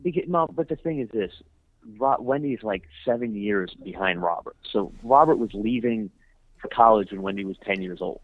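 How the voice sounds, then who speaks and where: A man's voice: lowish voice, normal speed, dry recording. A man on a recorded phone call with his mother, making his point argumentatively and talking over her. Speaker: adult son on a recorded call. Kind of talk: casual phone chat. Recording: tinny wiretapped phone line, dry.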